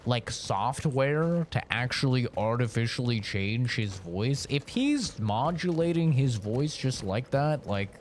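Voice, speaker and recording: A man's voice: medium pitch, expressive, slow pace, few pauses, a little hiss or hum. A man streaming a game, chatting in a rambling, casual way full of fillers. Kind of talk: live-stream gaming commentary.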